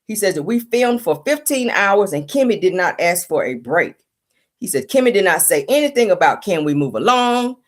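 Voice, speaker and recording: A woman's voice: lowish voice, sing-song, moderate pace. A woman hosting a casual celebrity gossip show in a sassy, chatty way, calling her listeners honey and child, still sleepy from just waking up. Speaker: host.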